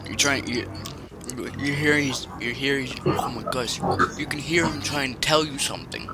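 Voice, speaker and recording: A man narrating a choose-your-own-path game as game master, halting and correcting himself as he goes. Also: medium pitch. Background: music.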